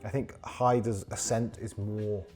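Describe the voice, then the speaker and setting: A man's voice: on the low side, steady tone, measured pace, a little mellow, faint music behind. A man hosting a casual podcast discussion, explaining at length with many ums and restarts. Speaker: podcast host.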